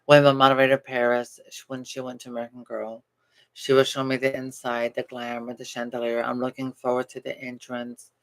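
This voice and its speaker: A man chatting casually to viewers about travel plans in a rambling, animated way with easy laughs. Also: mid-range voice, a little fast. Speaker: doll channel vlogger. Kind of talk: casual chat.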